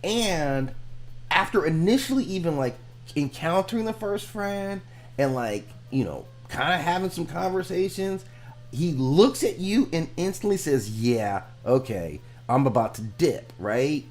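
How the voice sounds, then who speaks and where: A man's voice: high-pitched, very animated, unhurried, faint music behind. A man hosting a reaction video, giving frank, rambling commentary and repeating himself as he makes his points. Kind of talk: casual commentary.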